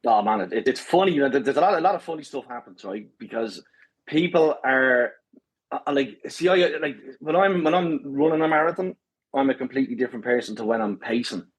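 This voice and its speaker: Husky Dublin man telling banter-filled stories. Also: mid-range voice, fairly quick, rough recording. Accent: Dublin Irish. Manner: swearing banter, lots of "right?". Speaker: podcast guest, marathon pacer. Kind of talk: casual storytelling chat.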